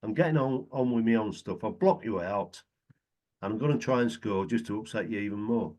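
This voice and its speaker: A man's voice: lowish voice, a little fast, a little mellow. Chuckling man telling stories. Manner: chatty storyteller, chuckles often. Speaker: guest, retired footballer. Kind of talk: casual anecdotal chat.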